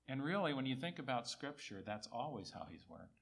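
A man preaching a sermon, repeating key phrases for emphasis, rising on quoted words and dropping low on asides. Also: big pitch swings, fairly quick, vocal fry. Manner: rises high and loud on quoted speech, drops low on asides.

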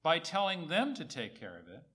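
A man delivers a sermon in a raised voice, his pitch swinging widely from high to low. He hammers home key phrases by repeating them. He rises on quoted words and drops low for asides. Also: wildly swooping pitch, normal speed, fairly bright tone. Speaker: preacher.

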